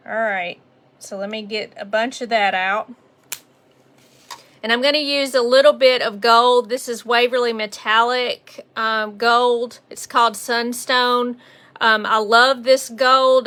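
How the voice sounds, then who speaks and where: A woman with a Southern US accent talks her way through a live painting tutorial, recorded on a phone. Her voice sits a little high and sounds crisp and bright. She keeps up a friendly, chatty patter and greets her viewers by name. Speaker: painting instructor on a livestream. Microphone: phone on a mount.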